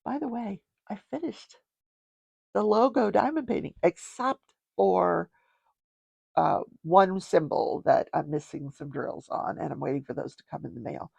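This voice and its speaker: Older woman, host, husky, chatty and digressive, casual trial recap. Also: fairly low pitch, a little slow, darkish tone, dry recording, muffled recording. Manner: chatty, digressive, explains legal terms plainly.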